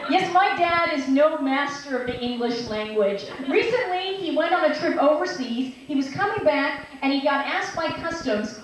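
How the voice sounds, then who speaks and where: High-voiced woman doing stand-up. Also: lively intonation, moderate pace, hardly any pauses. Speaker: stand-up comedian. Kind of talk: stand-up comedy set. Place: small restaurant venue, live reading night. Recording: echoey room, distant mic, faint noise.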